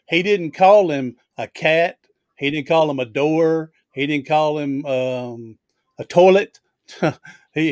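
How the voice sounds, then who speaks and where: Guy on a video call telling stories, bit higher voice, dry close sound. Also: no room sound. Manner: storytelling, chatty, laughs easily. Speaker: host. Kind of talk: casual video chat.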